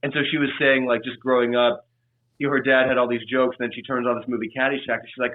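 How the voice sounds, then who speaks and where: A man's voice: mid-range voice, level tone, fast talker, slight background noise. A man talks casually as a guest, circling back on himself with fillers and restarts. His voice comes through thin and tinny, like a phone call. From Los Angeles. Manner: rambling, many restarts and fillers. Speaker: podcast guest. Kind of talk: casual chat.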